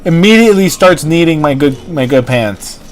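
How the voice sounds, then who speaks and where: A man's voice: fairly high pitch, expressive, normal speed. A man hosting a livestream, chatting in a rambling, casual way full of "like" and "you know". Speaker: livestream host.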